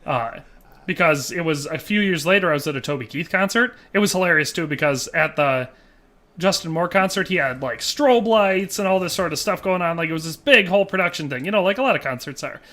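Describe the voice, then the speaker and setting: A male streamer chatting casually while he plays, reading out viewer comments and wandering into joking stories. His voice is bright and forceful and sits a little high. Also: expressive, fairly quick. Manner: joking, rambling storyteller. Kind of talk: casual chat while gaming.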